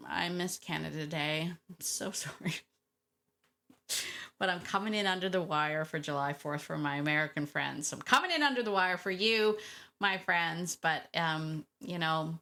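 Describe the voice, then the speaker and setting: A woman's voice: on the low side, a bit bright. A woman hosting a dog training podcast, giving casual advice in a chatty way, sometimes losing a word and laughing at herself.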